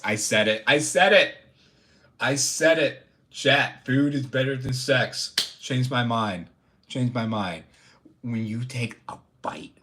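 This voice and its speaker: A young man live-streaming, chatting casually with his viewers, rambling, swearing and joking, with sudden loud bursts of mock outrage. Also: fairly low pitch.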